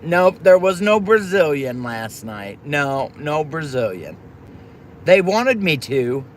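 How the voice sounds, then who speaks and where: A woman's voice: deep voice, sing-song, takes it slowly, slight background noise. A woman hosting a livestream, chatting affectionately with viewers by name and pet names. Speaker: livestream host. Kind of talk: casual chat with viewers.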